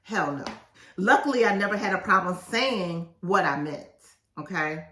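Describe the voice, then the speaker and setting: A woman's voice: fairly low pitch, moderate pace. Emphatic woman host in an echoey room. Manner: assertive, emphatic and animated. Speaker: podcast host and author. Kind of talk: reading aloud from her own book with casual asides. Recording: roomy echo, mic at a distance.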